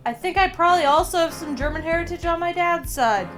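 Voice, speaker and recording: A woman's voice: very high voice, fast talker, a bit bright, soft background music. A woman streamer chatting casually through a game, laughing often and swearing now and then, with a slight cough as she gets over being sick. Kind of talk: casual let's-play commentary.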